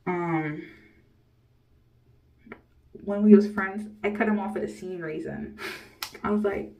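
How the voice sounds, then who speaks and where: A woman's voice: mid-range voice, fairly even intonation, slow, long pauses, mellow. A young woman in her early twenties vlogging candidly, rambling and blunt, cursing without a second thought. Her voice sits a touch away from the microphone, so it sounds slightly distant. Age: early 20s. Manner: blunt, rambling, swears freely, laughs often. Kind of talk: candid personal storytelling to camera.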